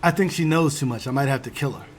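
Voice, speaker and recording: A man's voice: medium pitch, quick pace, slight background noise, voice pushed down, natural voice. A man voicing a cagey young woman trainee who dodges questions and jokes about killing people. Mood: evasive. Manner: evasive, mock-menacing.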